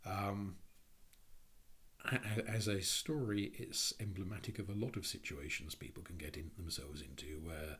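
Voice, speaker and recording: A man with a low, deep voice talks through his ideas. The voice is heavily husky and rough-edged, and he pauses and restarts as he works out each thought. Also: animated, fairly bright tone. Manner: halting, thoughtful, frequent restarts and fillers. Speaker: speaker on Jungian psychology. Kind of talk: reflective spoken talk.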